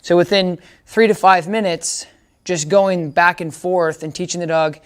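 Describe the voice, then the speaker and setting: A man's voice: high-pitched, moderate pace. A man giving a casual dog training demonstration, explaining each step and often checking that listeners follow.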